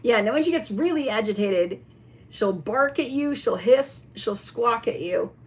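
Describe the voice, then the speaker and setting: A woman in a casual show-and-tell vlog, chatting about a toy with many fillers and some throat-clearing. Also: on the high side, expressive, unhurried, slight background noise. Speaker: vlogger showing a toy.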